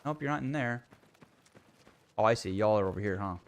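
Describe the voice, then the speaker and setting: A man's voice: lowish voice, fairly quick. A young man livestreaming a video game, ranting and swearing in exasperation while talking casually to his viewers.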